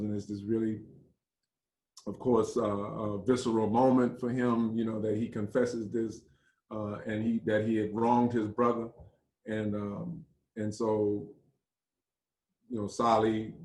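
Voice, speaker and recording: A theater director in a casual talk, animatedly retelling a play with frequent fillers. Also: male voice, on the low side, level tone, a little slow, darkish tone. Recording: echoey room.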